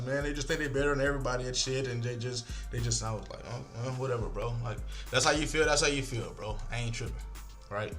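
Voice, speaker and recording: A man's voice: mid-range voice, fast, soft background music. A man casually telling a story to his viewers, acting out the lines of the people in it and swearing freely. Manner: animated, acts out quoted lines, swears freely.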